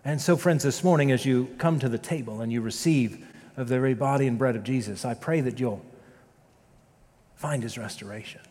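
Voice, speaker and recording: Pastor preaching in an echoing church. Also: male voice, medium pitch. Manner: storytelling, rising loud in dramatic moments, dropping soft and slow for prayer. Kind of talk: sermon. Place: church sanctuary. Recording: long reverb of a church sanctuary.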